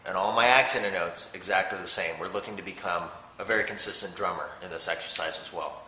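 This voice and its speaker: A man's voice: deep voice, quick pace, a little hiss or hum. A man teaching a drum exercise, explaining patiently step by step and counting off beats. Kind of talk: instructional talk with count-offs. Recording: roomy with loud drum playing between talk.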